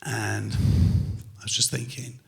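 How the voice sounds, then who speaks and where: A man doing a stand-up comedy set in a club, telling a story with lots of swearing and quick acted-out voices of his wife and the hospital staff. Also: fairly low pitch, flat delivery, creaky. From England. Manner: swears freely, jumps from loud to muttered.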